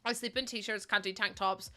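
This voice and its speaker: A woman's voice: medium pitch, steady tone, normal speed, sharp tone. A young woman chatting casually to viewers on her livestream, sleepy, rambling and giggling often. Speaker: streamer.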